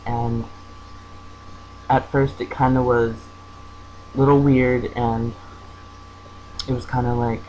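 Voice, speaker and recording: Young man telling a halting story. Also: medium pitch, level tone, darkish tone, muffled recording, slight background noise. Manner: hesitant, many fillers and restarts. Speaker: vlogger. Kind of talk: casual personal story.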